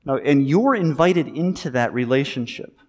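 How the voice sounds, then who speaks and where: Man, pastor, conversational preaching, lively emphasis, echoing sanctuary. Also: medium pitch, normal speed. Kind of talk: sermon. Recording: long reverb of a large hall.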